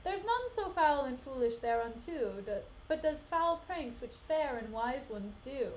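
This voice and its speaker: A woman reading aloud the lines of a scheming male soldier, reciting measured verse. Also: high-pitched, big pitch swings, slight background noise, rough recording.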